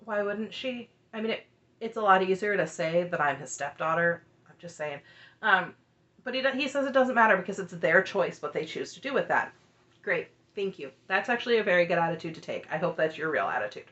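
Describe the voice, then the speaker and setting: A woman in her thirties chats her way through a reality show recap, opinionated and quick to laugh. Her voice is bright and crisp at an ordinary middle pitch. The recording sounds a little dull and lo-fi. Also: lively intonation. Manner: chatty, opinionated, laughs often. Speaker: reality TV recap channel host. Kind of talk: casual chatty recap.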